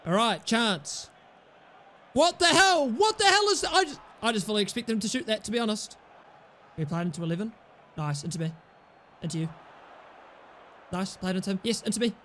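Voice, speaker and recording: A man with a very high, bright voice giving live gameplay commentary as he plays. He flips between low mutters and sudden yells, trading cheeky, sweary banter with his teammates. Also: fairly quick, long pauses, slight background noise. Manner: excitable, swings between muttering and yelling. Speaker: gaming YouTuber.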